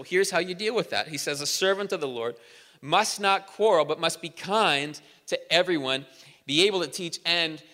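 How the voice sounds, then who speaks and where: A man preaching a sermon in a church, energetic and conversational, with humor. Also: on the high side, in a large hall. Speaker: pastor. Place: church auditorium.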